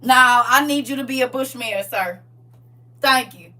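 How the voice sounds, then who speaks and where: A woman hosting a livestream, talking in a casual, preachy, comic way, animated, laughing and teasing. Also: high-pitched, a little slow, far from the mic. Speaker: livestream host.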